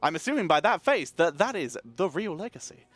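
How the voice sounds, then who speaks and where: Lively male esports caster. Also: fairly high pitch, brisk, no room sound, soft background music. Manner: energetic, chatty, thanks subscribers between play calls. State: wired on caffeine. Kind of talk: live esports commentary.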